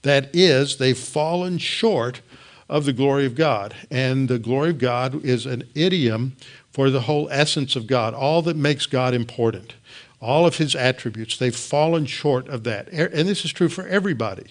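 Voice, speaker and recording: A man's voice: medium pitch, normal speed. A man teaching a Bible lesson in an earnest way, repeating words for emphasis and restarting phrases.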